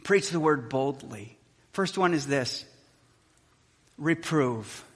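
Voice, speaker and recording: A man preaching a sermon as pastor, animated, acting out shouts and quotes and dropping to a hush. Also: mid-range voice, slow, slightly rough. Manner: animated, acts out shouts and quotes, swings from loud to hushed. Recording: long hall reverb.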